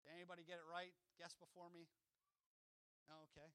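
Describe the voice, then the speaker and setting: High, bright-voiced preacher, casual and emphatic. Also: male voice, little pitch movement, brisk, clean tone, dry recording. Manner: casual, conversational preaching with slangy retellings of scripture; swings between loud emphatic peaks and hushed low asides. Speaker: pastor. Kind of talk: sermon.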